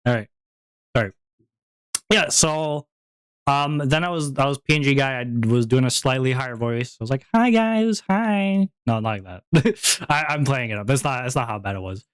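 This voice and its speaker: A man's voice: mid-range voice, steady tone, brisk, fairly bright tone, clean tone, no echo. A young man chatting casually on a stream, rambling, repeating himself and laughing often. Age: young adult.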